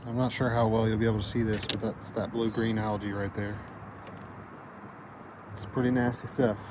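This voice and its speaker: A man's voice: lowish voice, normal speed. Easygoing man chatting while fishing outdoors. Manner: easygoing, chatty and self-deprecating. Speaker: fishing vlogger. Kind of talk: casual running commentary. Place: outdoors on a lake, fishing from a paddled boat. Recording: outdoor recording with steady background noise.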